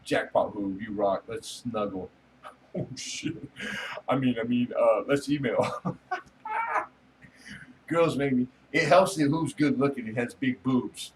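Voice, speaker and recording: A man's voice: mid-range voice, a little slow, long pauses, distant mic, a little hiss or hum, rough recording. Rambling joking man on a livestream. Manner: rambling, joking, laughs often, swears casually. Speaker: livestream host chatting with viewers. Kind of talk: casual late-night livestream chat.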